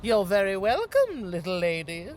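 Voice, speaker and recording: An actress playing a snobbish noblewoman in a video game, affected and drawn-out. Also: mid-range voice, wildly swooping pitch, a little mellow. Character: snobbish noblewoman insisting on titles.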